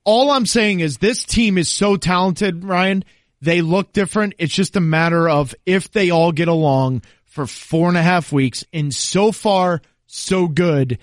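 A man's voice: high voice, a little slow, no echo, studio quality. A man talking soccer on a podcast as an analyst guest, emphatic and confident as he explains at length. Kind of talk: casual podcast chat.

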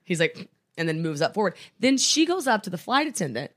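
A woman co-hosting a casual chat podcast from a hotel room. She tells an animated story and acts out the people in it. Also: lowish voice, fairly quick. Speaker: podcast co-host.

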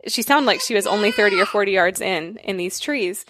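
A woman's voice: medium pitch, a little fast, background noise. A woman telling a story in casual conversation, acting out quotes and laughing often. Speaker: guest.

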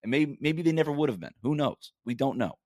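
A man hosts a sports podcast in a casual, argumentative monologue. He talks at an ordinary middle pitch and presses each point with rhetorical questions. His voice sounds dry and close to the mic, with no room around it. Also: animated, fairly quick, mellow, no room sound. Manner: emphatic and argumentative, with frequent rhetorical "right?".

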